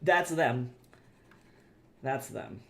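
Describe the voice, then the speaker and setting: A woman's voice: very deep voice, very slow. A woman streamer chatting casually, rambling and swearing as she tells stories. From United States. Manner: rambling, swearing, animated storytelling. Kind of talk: casual chat while drawing.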